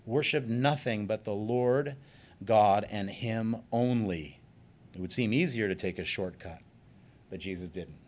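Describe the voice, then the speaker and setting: A male pastor giving an earnest sermon, slowing down to stress key points. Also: medium pitch. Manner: earnest, emphatic preaching with slowed stresses.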